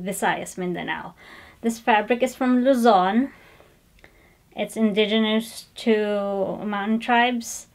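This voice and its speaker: A woman hosting a stitching vlog, showing her finished pieces in a chatty, digressive way with frequent fillers and self-corrections. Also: medium pitch. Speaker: flosstube host showing cross-stitch finishes. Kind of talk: casual show-and-tell chat.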